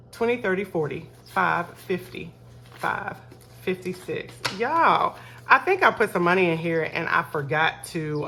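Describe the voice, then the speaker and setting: A fairly low-voiced woman chats away to her viewers and counts bills out loud. Her talk is loose and friendly, full of asides to the audience, with a faint hum of room noise behind her. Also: gravelly. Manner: chatty, talks to viewers as y'all, counts aloud. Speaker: budgeting vlogger. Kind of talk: casual chat while counting cash.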